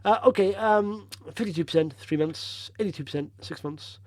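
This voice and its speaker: A man's voice: sits high, moderate pace, darkish tone. A man hosting a casual stock-picking video, talking over charts in a chatty, rambling way with blunt opinions, tired after a long drive.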